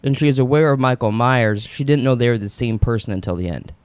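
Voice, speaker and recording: A man's voice: mid-range voice, fast, clean tone, no echo. A man hosting a casual podcast about a horror movie, laughing a lot and swearing freely. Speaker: podcast host.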